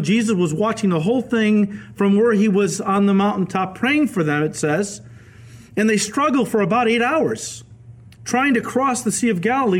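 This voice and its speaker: A male pastor giving a radio Bible teaching sermon, telling the stories in a lively way and acting out the quoted voices. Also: sits high. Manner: animated storytelling, acts out quoted voices.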